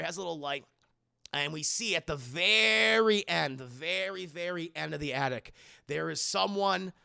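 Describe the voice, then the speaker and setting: A man recapping a TV episode on a live stream, telling it in an animated, profane, laughing way. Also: fairly high pitch, vocal fry. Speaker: TV review streamer.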